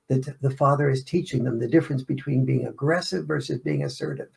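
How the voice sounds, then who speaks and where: Gravelly man explaining at length. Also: medium pitch, fairly even intonation, moderate pace, hardly any pauses, a little mellow. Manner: explanatory, illustrates points with acted-out family scenes. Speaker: author and interview guest. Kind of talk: interview answers.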